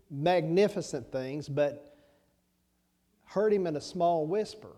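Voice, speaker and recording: Preacher guy, slow and mellow, folksy, keeps asking the congregation questions. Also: a little high. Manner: folksy preaching with rhetorical questions and repeated phrases. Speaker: pastor. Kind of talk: sermon.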